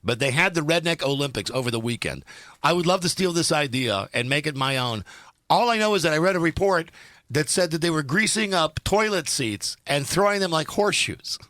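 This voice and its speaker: A man's voice: fairly high pitch, animated, brisk, a bit bright, dry recording, clean studio sound. A man hosting a radio talk show, rambling wryly through his list of topics with lots of restarts. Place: radio studio. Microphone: studio microphone.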